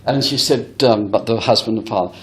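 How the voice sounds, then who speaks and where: This man's low-ish voice moves briskly as he gives a spiritualist lecture in the role of a medium. Recorded with hall echo, he narrates a story with earnest emphasis and frequently addresses the audience in front of him.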